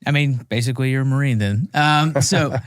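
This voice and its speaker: On a podcast, a former Marine in his thirties casually tells a war story, joking, mocking himself and acting out the people in it with animated dialogue. His mid-range voice is clear and resonant, fairly quick, on a dry recording.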